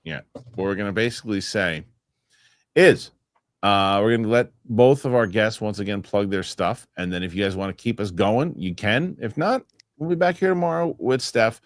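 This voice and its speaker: Man, podcast host, casual, rambling, fairly low voice, dry sound. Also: moderate pace, dry recording. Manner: rambling, restarts while reading comments. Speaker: show host. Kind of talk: casual podcast chat reading viewer comments.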